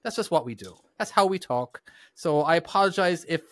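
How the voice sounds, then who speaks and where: A man's voice: a little high, animated, brisk, a bit bright, dry recording, clean studio sound. Sweary man hosting a podcast. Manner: sweary, loose banter. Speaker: podcast host. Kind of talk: casual chat.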